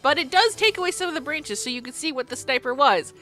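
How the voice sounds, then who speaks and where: A woman's voice: sits high, lively intonation, fast talker, pushed and bright, soft background music. A woman narrating as game master of a tabletop game, often breaking into laughter.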